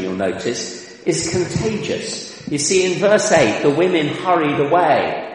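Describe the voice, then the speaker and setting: A man preaching a sermon, animated and rising to exclamations, recorded in a large church hall. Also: fairly high pitch. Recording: echoey hall from a distance.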